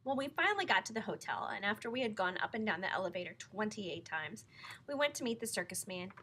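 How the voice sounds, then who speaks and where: Bright-voiced woman reading a storybook. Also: mid-range voice, fast talker, husky, rough recording. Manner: lively, playful storytelling. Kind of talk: reading a children's book aloud.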